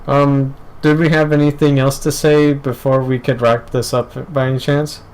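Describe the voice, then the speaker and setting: A man's voice: mid-range voice, little pitch movement, moderate pace, a little mellow, low-quality recording. A young man hosting a casual gaming podcast, rambling with lots of fillers and casual swearing. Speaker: podcast host. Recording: faint background noise.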